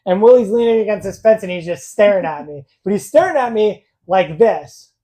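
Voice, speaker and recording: A woman's voice: medium pitch, lively intonation, fairly quick, mellow. A young adult woman co-hosting a casual podcast, a blunt, rambling storyteller who laughs at herself. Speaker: podcast co-host. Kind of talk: casual podcast chat, live-streamed.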